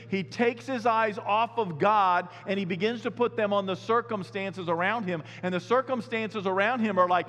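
Animated preacher in a reverberant hall. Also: male voice, high voice, moderate pace. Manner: animated, conversational preaching with sudden loud bursts. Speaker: pastor. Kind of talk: sermon.

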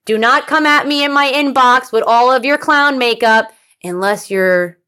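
A woman co-hosting a casual chat, excitable and swearing freely. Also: fairly high pitch, moderate pace. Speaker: podcast co-host.

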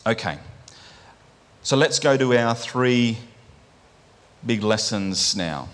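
A man's voice: medium pitch, expressive, slow pace, fairly bright tone. Guy giving a sermon, chatty and easygoing, keeps saying right?, medium voice. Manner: conversational, often checks in with "right?" and restarts phrases. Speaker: preacher.

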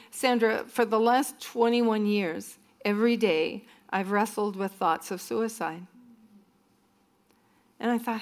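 A woman minister telling stories in a sermon-style talk to a church group, often acting out what other people said. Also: mid-range voice. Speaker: minister speaking to students.

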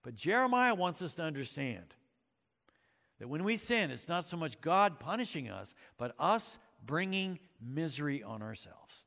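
A man's voice: on the high side, big pitch swings, unhurried, creaky, fairly bright tone, in a large hall. A male pastor preaching a sermon, reading scripture and retelling stories with dramatic emphasis, with occasional fillers. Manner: uses fillers like uh and um.

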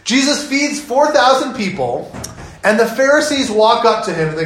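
A man preaching a sermon as pastor, telling it in an animated, conversational way. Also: very high voice, normal speed, roomy sound, poor audio.

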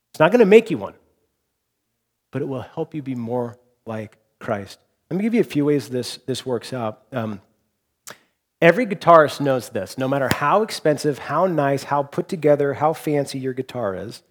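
A man preaching a sermon as pastor, earnest, rising to impassioned repeated phrases and dropping to quiet reflection. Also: a little high. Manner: drops to quiet, soft delivery for reflective points.

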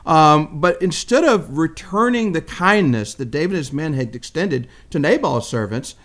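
Animated man retelling a Bible story. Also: a little high, moderate pace. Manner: animated storytelling, acts out quoted speech. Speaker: Bible teacher. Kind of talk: conversational Bible discussion.

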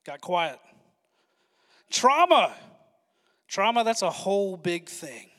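A male pastor preaching a sermon with excited, fast-talking energy and asides to the congregation. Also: high-pitched, long reverb tail.

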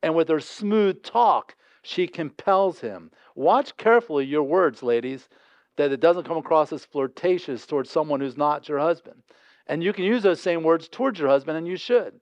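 A man's voice: on the high side, animated, moderate pace, no echo, muffled recording. A man preaching a sermon in a conversational, emphatic way, acting out quotes as he goes. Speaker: pastor.

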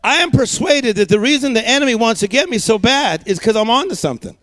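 Middle-aged male preacher, very high voice, dry sound, storytelling and call-and-response, repeats words in a hammering rhythm. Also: expressive, fast talker, fairly bright tone, dry recording. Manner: emphatic, rhythmic repetition of words. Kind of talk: energetic sermon.

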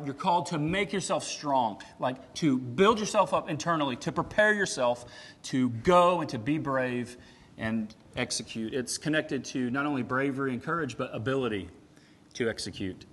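A man preaching a sermon in a conversational, animated way, swinging from loud emphatic peaks to quiet asides. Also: mid-range voice, moderate pace. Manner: animated, conversational, with frequent "right?" and "like".

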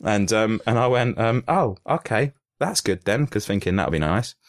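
A man's voice: fairly low pitch, expressive, normal speed, no echo, clean studio sound. A man co-hosting a podcast, telling long, crude, jokey stories in a rambling casual way. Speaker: podcast co-host. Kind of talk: casual storytelling chat.

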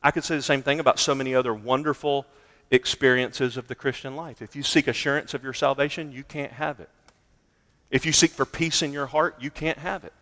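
A male pastor preaching a sermon emphatically, swinging between loud declarations and quiet, low lines. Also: steady tone, fairly quick, long reverb tail.

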